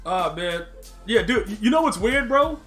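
A young man streaming a football video game, talking to his chat in loose slang and breaking into excited yelling. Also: high voice, moderate pace, soft background music. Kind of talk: live gameplay commentary to chat.

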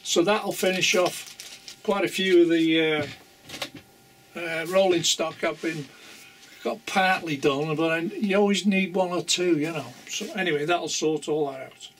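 A man's voice: on the high side, a little slow, far from the mic, slight background noise. An older man chatting casually to camera about his model railway, rambling and chuckling often.

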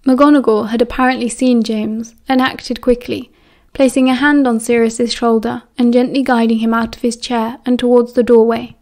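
A woman's voice: on the high side, little pitch movement, normal speed, hardly any pauses, a little mellow. Woman reading an audiobook aloud. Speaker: audiobook narrator. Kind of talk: reading fan fiction aloud.

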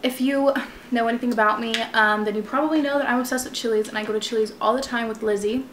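A woman's voice: on the high side, fairly even intonation, fast talker, a bit bright. Chatty young woman in an echoey room. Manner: chatty, peppered with "like" and "literally". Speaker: mukbang vlogger. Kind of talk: casual eating chat to camera. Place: room at home. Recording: echoey room with background noise. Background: household noise.

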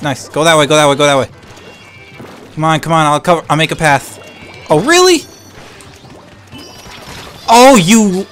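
A young man calls out his online match as he plays, his voice sitting a little high for a man. He bounces between cheering his team on and venting about losing, with faint music underneath. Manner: excitable, swings between hype and frustrated ranting. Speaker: gaming channel host. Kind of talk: live gameplay commentary.

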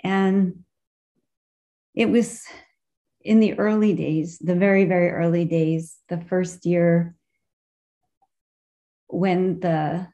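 A woman sharing a heartfelt personal memory at a memorial gathering, pausing often to search for her words, heard over a video call. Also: fairly low pitch, steady tone, mellow.

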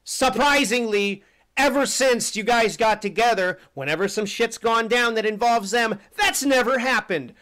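High-voiced man ranting profanely. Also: normal speed. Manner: profane, shouting rant. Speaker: streamer. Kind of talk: angry live-stream commentary.

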